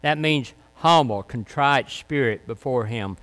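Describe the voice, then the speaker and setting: A man preaching a sermon and closing with a prayer, speaking slowly and emphatically and repeating key phrases. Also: mid-range voice, fairly bright tone. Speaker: pastor. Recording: long hall reverb.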